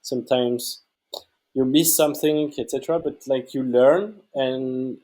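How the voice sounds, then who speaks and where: A man from Switzerland, speaking English as an as a podcast guest in a relaxed, easygoing chat full of "like" and "uh". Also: mid-range voice, unhurried, low-quality recording. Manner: relaxed, easygoing, repeats "like" and "uh" often. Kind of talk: casual conversation.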